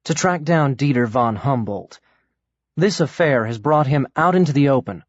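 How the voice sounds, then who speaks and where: A man's voice: mid-range voice, lively intonation, no echo, natural voice. A man voicing a courteous, earnest man with a slight American accent. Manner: courteous and measured. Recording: dry, slightly dull audiobook recording.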